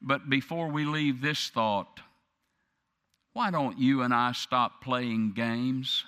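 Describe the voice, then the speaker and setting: Slow, dramatic male preacher in a hall. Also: mid-range voice, fairly even intonation, sharp tone, smooth. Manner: slow, dramatic preaching that swells to impassioned crescendos. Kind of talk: sermon.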